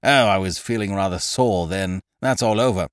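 A man's voice: sits low, normal speed, clear, resonant tone, dry recording, studio quality, voice pushed down, close to an everyday voice. A man voicing a boisterous, scheming young man, full of big plans, who talks in a hearty, breezy way. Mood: exuberant. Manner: hearty, breezy, calls people "old horse" and "laddie".

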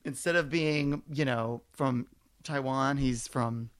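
Animated, foul-mouthed male storyteller. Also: mid-range voice, slow, dry recording. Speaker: podcast host. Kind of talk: casual chat.

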